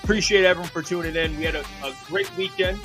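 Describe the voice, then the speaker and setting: A man's voice: sits high, steady tone, fast talker. Young man hosting over music. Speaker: host. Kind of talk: sports talk show hosting.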